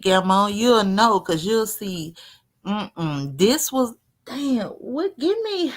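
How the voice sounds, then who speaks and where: A woman in casual live-stream chat, rambling through a story with big swings in pitch and loudness.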